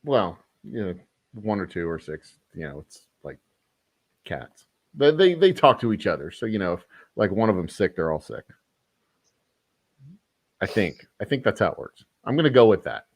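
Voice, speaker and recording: A man chats casually as a podcast host, his voice sitting a little low. He rambles, jokes and corrects himself as he goes. The sound is dry and close, with no room echo. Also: sing-song, moderate pace, long pauses. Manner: rambling, self-correcting, joking. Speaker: podcast host and whiskey maker.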